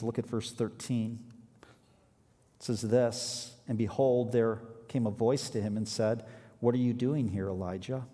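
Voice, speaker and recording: A man's voice: medium pitch, mellow. A man preaching a sermon, reading scripture aloud and then explaining it with emphatic rises in his voice. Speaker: pastor. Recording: reverberant hall.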